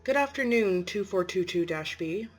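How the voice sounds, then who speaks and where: A woman's voice: mid-range voice, lively intonation, normal speed, slightly rough. A woman voicing a kind male doctor who talks in a reassuring, encouraging way, in an amateur story reading. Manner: warm and encouraging.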